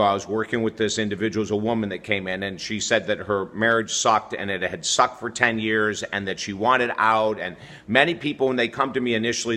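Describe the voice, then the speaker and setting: Man, middle-aged, relationship coach, energetic, conversational, bright tense tone. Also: lowish voice. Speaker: relationship coach and show host. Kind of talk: direct-to-camera advice video.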